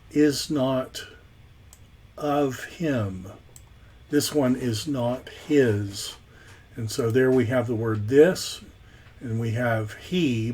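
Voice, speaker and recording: A man teaching a Greek grammar lesson in a recorded lecture, halting often with ums and uhs. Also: mid-range voice, a little mellow, slightly rough.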